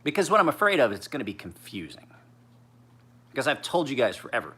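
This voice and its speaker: A man's voice: on the low side, big pitch swings, fast, bright, forceful tone. A man in his forties, tired, chatting casually as a knife sharpener in a rambling, profane, laid-back way. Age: 40s.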